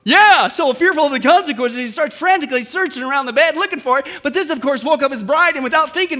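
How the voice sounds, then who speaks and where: High bright-voiced preacher man. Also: fast, few pauses. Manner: animated storytelling, frequent "listen" and "right?". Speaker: pastor. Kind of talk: sermon.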